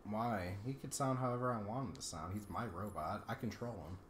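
A woman's voice: rumbling low, lively intonation, fairly quick, a little hiss or hum. A woman co-hosting a gameplay video, chatting casually and teasing her partner with jokes. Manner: joking, teasing, playful. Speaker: let's play co-host. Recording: roomy echo.

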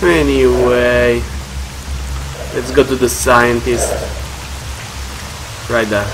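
A man's voice: medium pitch, level tone, drawn-out words, noisy background. Rambling young man narrating a game. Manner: rambling, jumpy, panicky bursts. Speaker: let's play gamer. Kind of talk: casual gameplay commentary.

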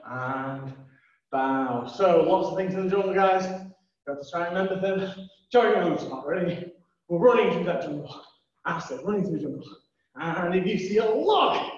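A man with a high voice leads a lively kids' martial arts class, shouting out drills and praise at an unhurried pace. He sounds far from the mic in a very echoey room, and the recording is dull. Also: a little hiss or hum. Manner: upbeat, calls out commands loudly. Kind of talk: energetic kids' class instruction.

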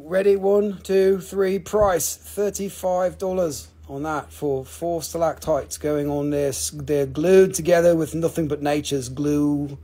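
A man's voice: a little high, a little mellow, breathy edge. A man hosting a live rock auction, chatting casually with joking, playful salesman patter. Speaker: host selling rocks in a live auction.

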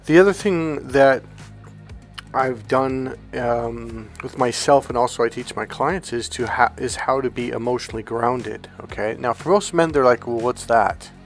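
In an unhurried, mid-range voice, a man who runs his own self-help coaching channel chats casually to camera while faint music plays behind him. He rambles comfortably and calmly, restarting sentences and repeatedly asking "okay?"

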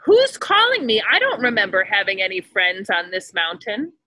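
A woman's voice: medium pitch, lively intonation, moderate pace, pushed and bright, dry recording, rough recording. A woman voicing a hungry, greedy old male wolf who grumbles and groans, for a children's storybook reading.

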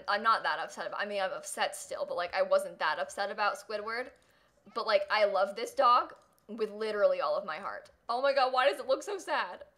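A woman's voice: medium pitch, fairly bright tone. A young woman streaming a life-sim game, chatting casually, gushing and giggling over her pets and thanking viewers. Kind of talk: casual livestream gameplay chat.

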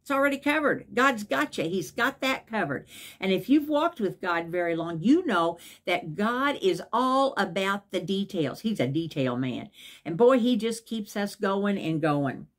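A woman's voice: mid-range voice, lively intonation, unhurried. Woman, preacher, devotional sermon, enthusiastic, emphatic, repeats phrases.

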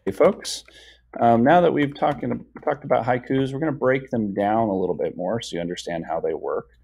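A young man teaching a lesson over a shared screen, patient and full of fillers, slowing down to sound out words. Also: mid-range voice, gravelly, darkish tone, husky.

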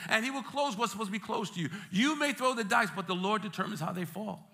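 A male pastor from Brooklyn, preaching a sermon in a church with lively jokes and streetwise asides. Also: sits high, fast, gravelly. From Brooklyn, New York. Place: church sanctuary.

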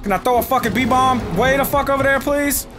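A young man doing let's play commentary, excitable and profane, trash-talking the enemies in his game. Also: very high-pitched, a little fast, music in the background. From United States. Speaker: gaming YouTuber.

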